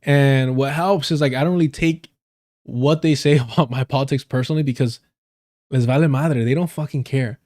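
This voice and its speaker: A man on a live stream, spinning casual stories from work with plenty of cursing and laughter. His voice sits at an ordinary middle pitch and his talk wanders, doubling back on itself as he goes. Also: moderate pace, darkish tone. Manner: profane, laughs often, loose and rambling. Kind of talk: casual storytelling.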